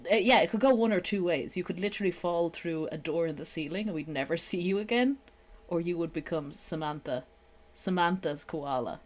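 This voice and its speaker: Brief: young Irish woman, softened accent, animated, swears freely. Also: a little fast. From Ireland. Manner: animated, swears a lot, laughs, shifts into high-pitched comic voices. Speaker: podcast co-host. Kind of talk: casual chat.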